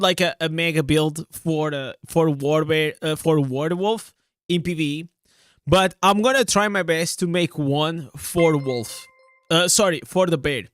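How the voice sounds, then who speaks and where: A man's voice: a little high, a bit bright, no room sound, studio quality. A man streaming games live and reacting to a trailer, hyped and rambling, with lots of slang and filler words. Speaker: game streamer.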